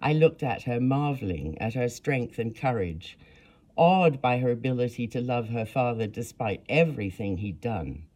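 Earnest first-person memoir narrator, lively pitch. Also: moderate pace.

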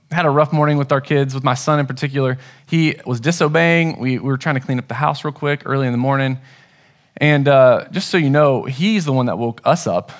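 Earnest, conversational pastor, higher voice. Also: male voice. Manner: conversational, earnest storytelling with restarts. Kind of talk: sermon.

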